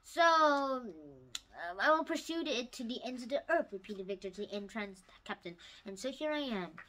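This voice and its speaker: A woman casually retelling a novel for her channel, halting with restarts and bursting into loud, excited outbursts. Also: fairly high pitch, poor audio. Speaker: YouTube storyteller.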